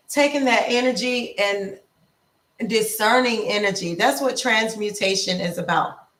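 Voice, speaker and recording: A woman life coach giving a casual motivational talk, slow and repetitive in an affirming way. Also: fairly high pitch, fairly bright tone, echoey room, distant mic. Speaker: lifestyle coach.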